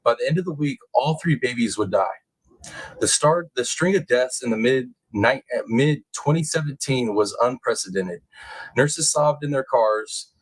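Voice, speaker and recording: A man's voice: mid-range voice, poor audio. A young man hosting a live stream, reading a news report aloud and breaking off for casual, slangy, emphatic asides to his chat. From California.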